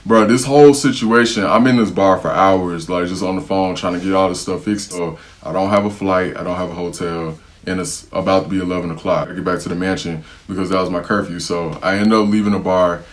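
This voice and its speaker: A young American man telling a personal travel story to the camera in a casual, slangy, animated way, acting out what other people said. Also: low voice, brisk, few pauses. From United States.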